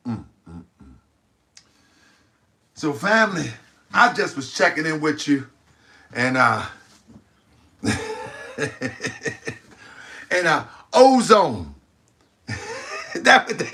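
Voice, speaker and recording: A man's voice: fairly high pitch, creaky, bright, forceful tone. A man hosting a livestream commentary show, talking to his viewers, exclaiming and laughing often. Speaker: host of an online talk channel.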